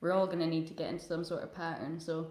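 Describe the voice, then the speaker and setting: A woman's voice: deep voice, steady tone, quick pace, darkish tone. Chatty woman in a roomy space. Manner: chatty, laughs often, rambling with fillers. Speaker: guest musician. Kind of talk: casual chat over video call.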